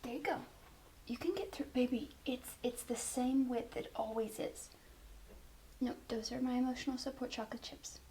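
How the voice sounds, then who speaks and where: A woman hosting a casual reaction vlog, chatty and self-deprecating, who often drops to a soft whisper and coos baby talk to her pets. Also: on the high side, steady tone, normal speed, a little hiss or hum. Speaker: reaction video host.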